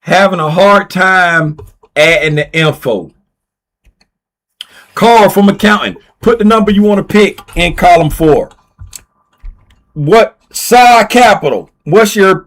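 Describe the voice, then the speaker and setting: High-voiced man hosting a casual livestream. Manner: reads viewer names aloud and repeats himself while typing; playful, teasing. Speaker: livestream host running a giveaway.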